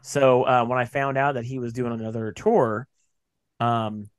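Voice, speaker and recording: A man in his late thirties talks on his podcast in a loose, rambling way, full of fillers and easy profanity. His voice sits at a middle pitch. The sound is close and dry, with no room around it. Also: steady tone, unhurried, clean tone, no room sound. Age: late 30s. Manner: rambling, swears freely, many fillers and restarts. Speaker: podcast host. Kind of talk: casual chat.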